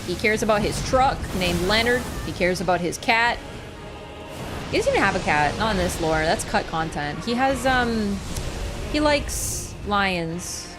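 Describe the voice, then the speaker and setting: A young woman talks over her gameplay in a loose, rambling way, flaring up in sudden excited swearing. Her voice sits at a middling pitch for a woman. Game music plays steadily behind her home streaming mic. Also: measured pace. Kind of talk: live gameplay commentary.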